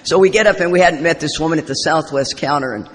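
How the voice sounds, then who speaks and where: A woman's voice: deep voice, quick pace, slight background noise. Rambling, joking woman in a hall. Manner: humorous, self-deprecating, rambling. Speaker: recovery convention speaker. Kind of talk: storytelling recovery talk. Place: convention hall. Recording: live talk in echoey hall.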